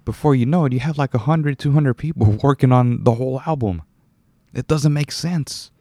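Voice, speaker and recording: A man's voice: medium pitch, moderate pace, mellow, no echo. A young man hosting a solo podcast, rambling casually, correcting himself and chuckling now and then. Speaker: podcast host.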